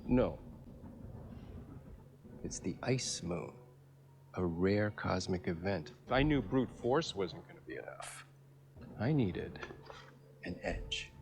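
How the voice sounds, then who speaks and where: An actor playing a scheming, ruthless military commander in a TV series, speaking in a slow, hammy, menacing way. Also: male voice, low-pitched, animated, a little mellow, a little hiss or hum, heavily acted.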